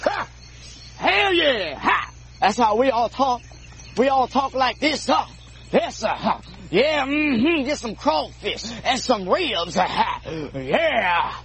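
An actor playing a brash, hotheaded young man in a film comedy, loud, taunting and profane. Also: very high voice, very animated, takes it slowly, slight background noise, exaggerated voice. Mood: mocking. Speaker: film character.

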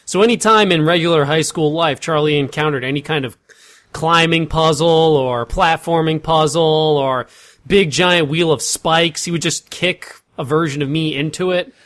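A man's voice: a little high, normal speed, fairly bright tone. A young man with a Boston accent, co-hosting a casual podcast with rambling comic riffs and lots of filler words. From Boston area, US East Coast. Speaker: podcast co-host.

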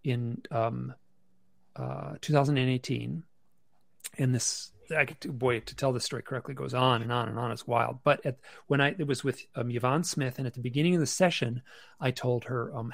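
A man as a podcast guest on a video call from his bedroom, telling a story in a casual, halting way with many restarts and fillers. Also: mid-range voice, steady tone, vocal fry, no echo. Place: bedroom at home.

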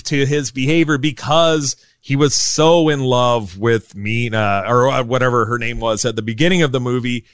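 A man's voice: mid-range voice, normal speed, few pauses, dry recording, clean studio sound. A man co-hosting a casual film discussion podcast, ranting with frequent swearing. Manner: animated, profane, ranting. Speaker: podcast co-host.

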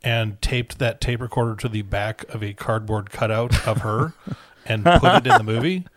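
A man co-hosting a casual movie-review podcast, wry and deadpan, acting out silly little bits. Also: on the low side, moderate pace, no echo. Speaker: podcast co-host.

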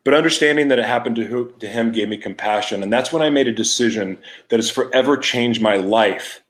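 Speaking fairly quickly in a mid-range, fairly bright voice, this male podcast host recounts a raw personal story. He's candid and emotional, with many restarts and thoughts left trailing.

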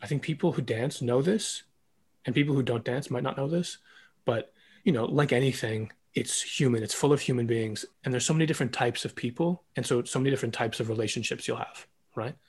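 A podcast host who used to be a ballet dancer chats casually and reflectively with a guest. His husky, mid-range voice moves a little fast, and he's talkative, dropping "like" as a filler again and again.

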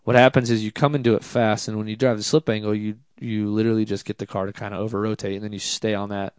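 A man, a drift driver, telling a casual story in an interview, animated and self-deprecating, with many fillers. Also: fairly low pitch, quick pace, smooth, dry recording, studio quality.

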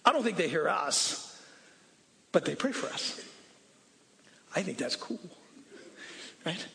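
A man preaching a sermon, swinging between shouted scripture quotes and soft, conversational asides. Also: fairly high pitch, slow pace, creaky, a little hiss or hum. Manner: animated preaching, rising to shouts when quoting scripture. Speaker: pastor.

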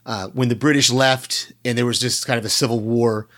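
American guy on a podcast, loose chatty review, keeps restarting his sentences, plain middle-pitched voice. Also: steady tone, normal speed, a bit bright. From United States. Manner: rambling, with many restarts and hedges. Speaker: podcast co-host. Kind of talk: casual chat reviewing a show.

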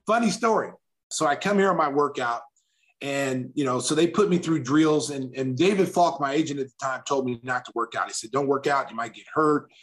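A middle-aged man from Oklahoma telling a long anecdote in a casual interview, acting out the quotes with animated flair. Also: medium pitch, a little fast, faint music behind. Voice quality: animated storyteller who acts out quotes. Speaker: guest, former basketball player.

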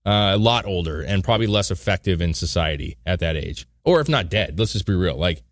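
A man co-hosting a casual political chat, blunt and animated, who swears and drags out key words. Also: low-pitched, fairly quick, no room sound, clean studio sound. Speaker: podcast co-host.

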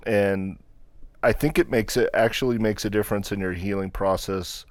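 Man, podcast host, low voice, casual chat, agreeable, dry close sound. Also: steady tone, normal speed, no room sound. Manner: agreeable, chatty, eager to relate.

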